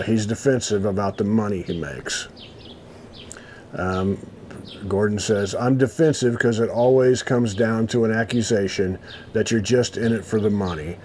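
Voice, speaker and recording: Low-voiced man reading aloud, halting. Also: darkish tone, a little hiss or hum. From United States. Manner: reads haltingly, stops to comment. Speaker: host. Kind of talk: casual chat, reading an old article aloud.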